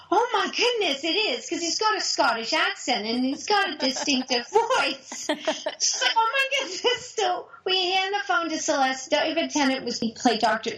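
A middle-aged woman, a mother, telling a personal family story in an animated, emotional way. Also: a little high, low-quality recording.

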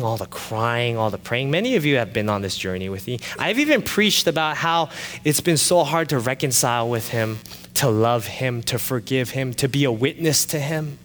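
Male pastor, storytelling sermon, lively swinging pitch, long hall reverb, faint hum. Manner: animated, swings from loud excited retelling to quiet confessional tones.

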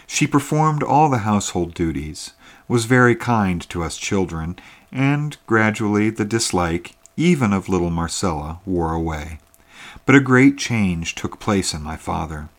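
A man narrating a classic tale in a measured, even reading. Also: fairly low pitch.

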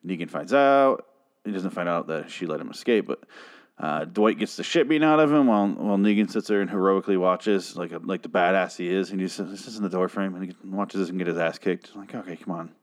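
A man's voice: deep voice, brisk. A man giving a casual, rambling episode recap, profane and exasperated, with frequent restarts. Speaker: TV show reviewer.

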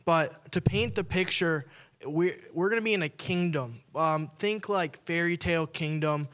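A man's voice: on the high side, a bit bright, clear, resonant tone. A man in his twenties, a pastor, giving a casual sermon with playful storytelling asides. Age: 20s.

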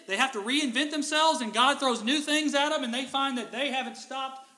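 A man delivers a lively sermon, his voice high and bright. He slips into casual voices to act out biblical figures. The sound carries a long reverb from a church hall. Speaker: pastor.

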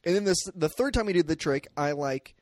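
A man co-hosting a loose movie conversation who talks haltingly, with frequent "like" and "um". His voice sits slightly high, with a dry, close sound and no room echo. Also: expressive, a little mellow. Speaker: podcast co-host. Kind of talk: casual film discussion.

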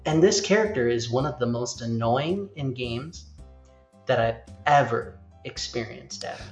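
A man's voice: medium pitch, unhurried. A man hosting a casual chat, rambling along and acting out quotes as he goes. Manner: rambling, animated, acts out quotes. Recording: roomy, slightly dull sound with faint music.

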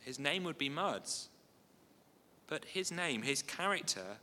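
A man preaching a sermon in a conversational way, with asides and gentle humour. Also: a little high, sing-song, a little slow, slight background noise. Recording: long hall reverb.

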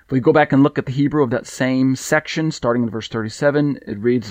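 A man's voice: medium pitch, fast talker, darkish tone, no room sound. A man teaching a scripture study, reading verses aloud and Hebrew passages in a conversational way with fillers. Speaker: Bible teacher.

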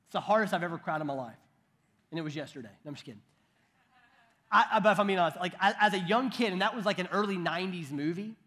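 High-voiced man preaching conversationally. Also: a bit bright. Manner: conversational, joking asides, frequent restarts. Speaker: pastor. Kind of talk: sermon.

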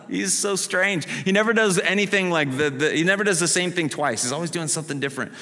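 A man preaching a sermon as a pastor, animated, acting out the story in character voices. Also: high-pitched, a little fast. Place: church sanctuary. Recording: long hall reverb.

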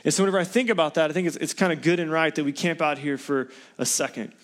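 Man, pastor, earnest sermon, conversational, fairly high voice. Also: fast talker. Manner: earnest, conversational preaching with rhetorical questions.

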